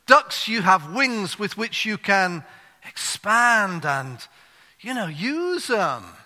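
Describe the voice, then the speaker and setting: Man doing a duck preacher, high and loud, stretched-out rousing cries, echoing hall. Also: sing-song, slow pace, full character voice. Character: excitable male duck preacher. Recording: long hall reverb.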